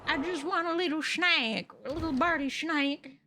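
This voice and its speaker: A young woman streaming a game, reacting loudly, swearing and talking to her chat, with game music behind her. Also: high voice, moderate pace. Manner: excitable, swears a lot, talks to chat. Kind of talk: live gameplay commentary.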